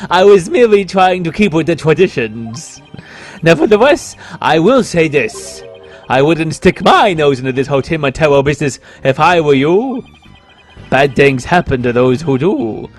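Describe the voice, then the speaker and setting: A man's voice: fairly high pitch, very animated, normal speed, soft background music. A man voicing a vain, flamboyant male dandy in a video game, speaking pompously and theatrically. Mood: haughty. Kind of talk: reading game dialogue aloud.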